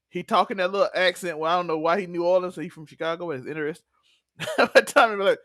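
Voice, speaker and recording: A man chats through a TV recap in a loose, laughing way, often acting out quotes. His voice sits fairly high and the recording is dry and close. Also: animated, a little fast, a bit bright, no echo. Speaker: podcast co-host. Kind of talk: casual TV recap chat.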